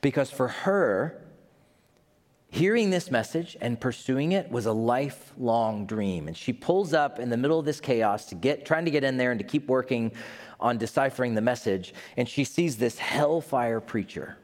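A man's voice: medium pitch, expressive, moderate pace, a little mellow. A male pastor preaching a sermon, telling a story with playful asides. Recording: long hall reverb.

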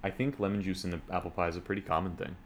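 Deep-voiced man teasing on a podcast. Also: fairly even intonation, rapid-fire. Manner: teasing, swears a lot. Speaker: podcast co-host. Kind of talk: casual chat.

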